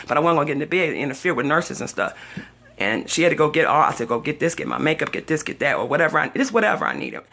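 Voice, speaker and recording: A woman's voice: sits low, vocal fry, a bit bright. A chatty older woman vlogging, telling a personal story dramatically and acting out the other people's voices. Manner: dramatic, chatty, acts out voices in her stories. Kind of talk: casual storytelling vlog.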